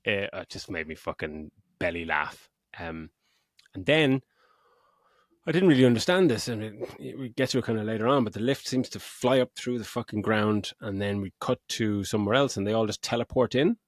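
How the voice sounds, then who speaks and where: A man's voice: fairly low pitch, normal speed, no echo, clean studio sound. A middle-aged man hosting a podcast, retelling a film plot in a rambling, sweary, casual way. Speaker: podcast host. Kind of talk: casual film review chat.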